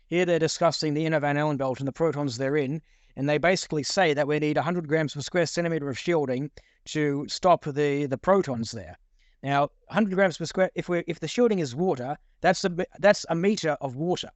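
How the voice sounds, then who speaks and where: Rambling man with a slightly high voice, casual talk, dry sound. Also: brisk, no room sound. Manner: rambling, repeats words, reads out quotes. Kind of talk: casual discussion.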